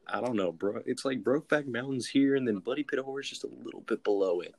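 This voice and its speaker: A man co-hosting a casual chat, playful and enthusiastic, quick to laugh. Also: mid-range voice, gravelly.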